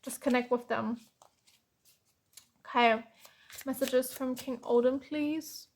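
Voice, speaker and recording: A woman's voice: fairly high pitch, level tone, slow, a little hiss or hum. A woman from Germany giving a tarot reading, tired and openly frustrated, with sighs and frequent restarts. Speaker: tarot reader.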